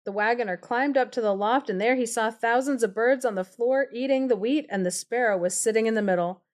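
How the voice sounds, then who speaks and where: A woman's voice: a little high, a little fast. A woman telling a fairy tale on a live stream, narrating steadily and breaking off for playful, giggly asides. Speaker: storyteller, podcast co-host.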